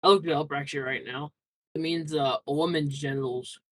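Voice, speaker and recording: A man's voice: on the high side, steady tone, brisk, low-quality recording. A young man answering interview questions casually, rambling through a story with lots of fillers and restarts.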